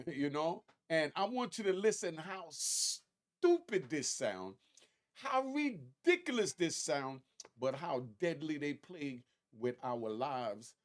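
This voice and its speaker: A man hosting a casual commentary, talking straight to his viewers and climbing to emphatic highs on key points. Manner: animated, rising to emphatic high pitch on key points; conversational, addresses viewers directly. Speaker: commentary host.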